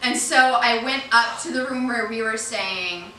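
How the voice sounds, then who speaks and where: A woman's voice: on the high side, slight background noise. Profane woman doing live stand-up. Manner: casual, profane, swings from quick mumbles to loud laughing outbursts. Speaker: stand-up comedian. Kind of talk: stand-up comedy set. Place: comedy club stage. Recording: roomy live club sound, heard from a distance.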